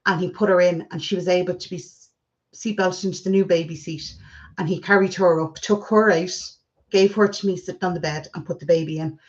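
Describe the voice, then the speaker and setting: A woman's voice: fairly low pitch, fairly quick. An Irish woman in her forties telling family stories in a casual, chatty vlog. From Ireland. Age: 40s. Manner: chatty storytelling, lively retelling. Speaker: vlogger. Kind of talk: casual chat. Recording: slightly dull lo-fi sound.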